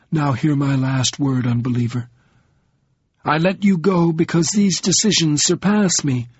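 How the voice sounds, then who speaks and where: A man's voice: on the high side, a little mellow, husky, no echo, pitched above the performer's own voice, heavily acted. A man voicing a bitter, proud woman who speaks in vehement, formal outbursts. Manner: spitting, vehement, formal speech. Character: bitter, proud woman in fierce, cold fury. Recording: dull, lo-fi sound.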